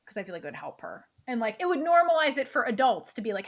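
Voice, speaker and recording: A woman's voice: medium pitch, very animated, fast talker, few pauses. A woman co-hosting a book club chat over a video call, talking casually with many fillers.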